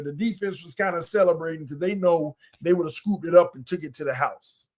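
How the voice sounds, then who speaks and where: A man hosting a casual sports podcast, breaking down plays in an emphatic, colloquial way and repeating points for effect. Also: a little high.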